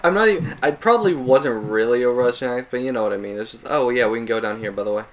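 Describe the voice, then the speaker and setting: A man's voice: mid-range voice, quick pace. A man giving casual, rambling gameplay commentary, self-mocking and chuckling at his mistakes. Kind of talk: casual let's-play commentary.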